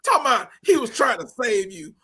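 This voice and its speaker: A man co-hosting a casual movie review podcast, ranting animatedly with big swings from loud to quiet. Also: extremely high pitch, sing-song, brisk, slightly rough. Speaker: podcast co-host.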